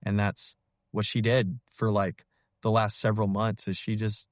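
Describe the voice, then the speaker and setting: Podcast guest, man, thirties, low voice, candid and halting, dry studio sound. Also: little pitch movement, no room sound. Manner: earnest, halting, many fillers and restarts. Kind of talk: personal testimony in an interview.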